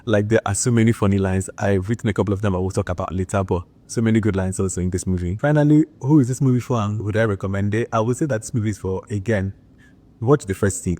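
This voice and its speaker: A man's voice: on the low side, fast, warm tone. A man chatting enthusiastically in a casual movie review, filling his talk with "like". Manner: chatty and enthusiastic, with frequent filler "like".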